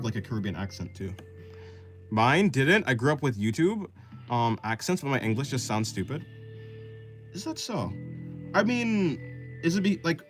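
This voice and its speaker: Rambling young man with lively pitch. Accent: General American. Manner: rambling, many "like" fillers and restarts, explaining at length. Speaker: art streamer. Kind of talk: casual chat while drawing. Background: guitar music.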